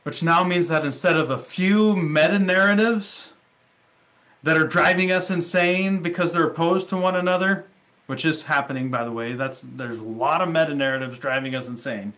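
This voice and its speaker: A man's voice: a little high, normal speed, a bit bright. A male pastor preaching a sermon in a conversational way, with rhetorical questions and casual asides.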